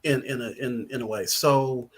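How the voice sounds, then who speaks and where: A man's voice: mid-range voice, fairly even intonation, moderate pace, breathy edge. Rambling man chatting on a podcast. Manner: rambling with frequent ums and laughs. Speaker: podcast guest, writer. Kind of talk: casual podcast chat.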